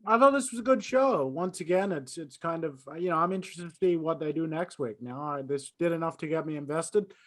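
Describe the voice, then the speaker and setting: A man with a somewhat higher voice co-hosts a casual review chat. He speaks in a measured way and hedges his opinions. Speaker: podcast co-host.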